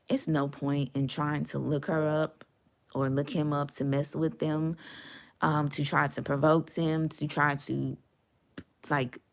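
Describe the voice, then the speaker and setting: Low, gravelly-voiced woman reading tarot. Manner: chatty and sassy, with slang and swearing. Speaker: tarot reader. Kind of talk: casual tarot reading to viewers.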